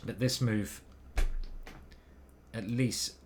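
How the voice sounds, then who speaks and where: Low and steady, drawing out his words, a man talks through his online chess game as a grandmaster analyzing his own play. He murmurs move after move, doubting himself along the way, over a faint hiss or hum.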